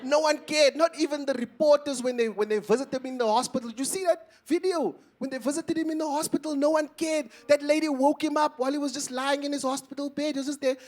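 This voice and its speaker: Punchy Afrikaans-accented comedian, high voice. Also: male voice, quick pace, few pauses. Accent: South African Afrikaans-influenced English. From Eastern Cape, South Africa. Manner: loud, punchy delivery with crowd asides. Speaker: stand-up comedian. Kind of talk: stand-up comedy. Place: comedy festival stage before a live audience. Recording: live audience crowd noise.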